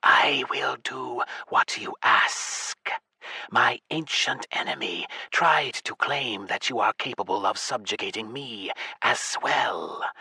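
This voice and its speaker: A man's voice: medium pitch, bright, forceful tone, no echo, full character voice. A man voicing Apophis, a hissing serpent god. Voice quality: breathy hissing whisper. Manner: slow, drawn-out and ominous. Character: ancient hissing male white-snake god, cold. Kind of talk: audiobook character voice.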